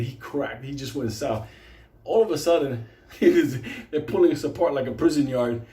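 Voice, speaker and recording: Guy telling a wild story, cussing nonstop, warm tone, roomy sound. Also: mid-range voice, brisk. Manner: profane, animated, swears constantly. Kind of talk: casual spoken storytelling.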